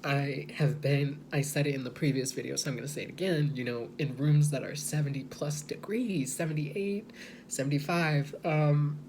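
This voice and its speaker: A man speaking slowly and hesitantly in a personal video monologue, softly and with many pauses and restarts. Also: a little high, slight background noise. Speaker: vlogger.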